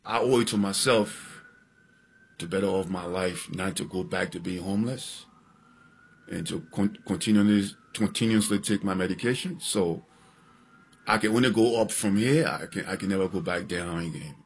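A man's voice: deep voice, moderate pace, husky. A man speaking earnestly and with determination in an interview clip, sometimes stumbling over words.

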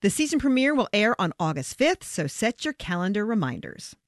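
A woman radio host with a lively, swooping voice introduces a segment and questions her guest. Her sound is dry and close, with no room around it. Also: medium pitch, brisk, dry recording. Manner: lively, conversational. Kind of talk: radio show hosting.

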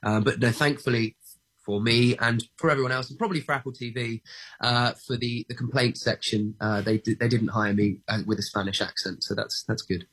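Husky actor, halting and thoughtful. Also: male voice, mid-range voice, fairly even intonation, a bit bright. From England. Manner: hesitant, many fillers and restarts, self-deprecating. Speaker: actor, guest. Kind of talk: interview answers.

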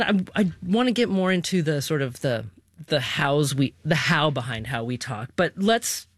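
A woman hosting a public radio talk show, asking measured, thoughtful questions into a studio microphone. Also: low-pitched, no echo.

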